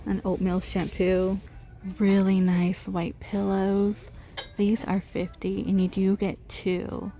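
A chatty vlogger with a warm, mid-range voice does a casual shop-with-me walkthrough inside a large retail store. She reads prices aloud and gushes over cute finds, yet her delivery is completely flat and slow.

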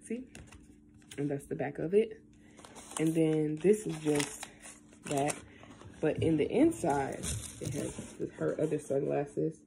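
A young woman talking casually into her camera at home, rambling and tearful, with lots of halting fillers. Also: low-pitched, gravelly, noisy background. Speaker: vlogger. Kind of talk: casual vlog, emotional talk then unboxing.

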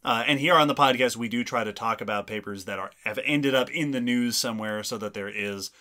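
A man with a bright, forceful voice co-hosting a casual science podcast. He lays out ideas in a measured, explanatory tone at a middling pitch. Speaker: podcast co-host.

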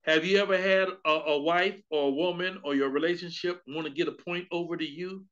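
A man preaching a sermon at a Bible study, telling a comic story with lively outbursts. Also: fairly high pitch, a little fast, lo-fi sound. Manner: animated, comedic storytelling with outbursts. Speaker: pastor.

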